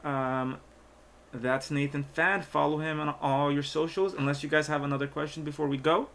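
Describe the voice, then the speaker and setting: A man's voice: fairly high pitch, steady tone, normal speed, gravelly, fairly bright tone, slight background noise. A man hosting a casual live stream, rambling along with many fillers and trailing thoughts. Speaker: stream host and magician.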